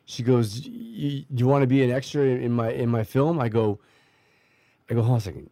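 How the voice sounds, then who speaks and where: Speaking slowly with long pauses, this middle-aged guest recounts his life in a loose, rambling way, restarting often, using fillers and performing what others said. His medium-pitched voice is animated and a little mellow, with vocal fry and slight background noise.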